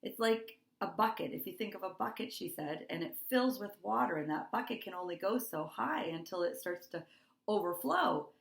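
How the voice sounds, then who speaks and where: A woman's voice: mid-range voice, vocal fry, echoey room. A middle-aged woman talking as a wellness coach to her course members, earnest and heartfelt, repeating words for emphasis. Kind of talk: motivational talk to course members.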